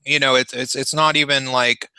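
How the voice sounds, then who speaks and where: Bright, rambling male stream host. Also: mid-range voice, level tone, moderate pace, clean tone, dry recording. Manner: rambling, many fillers and restarts. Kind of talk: casual chat on a voice call.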